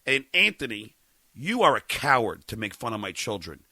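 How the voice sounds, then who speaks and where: A man's voice: medium pitch, big pitch swings, moderate pace, no echo. A middle-aged man hosting a podcast, ranting angrily with stammers and swearing. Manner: stammering, furious, profane, shouting at times. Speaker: podcast host. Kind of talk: angry on-air rant.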